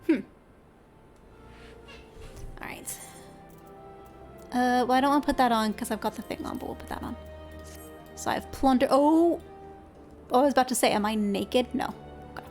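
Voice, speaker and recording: A high-voiced woman chats casually through a gaming stream, talking herself through each step as she plays. Her voice sits well above typical for a woman, and faint music plays underneath. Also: moderate pace, long pauses, a little mellow. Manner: chatty and self-talking, mutters instructions to herself.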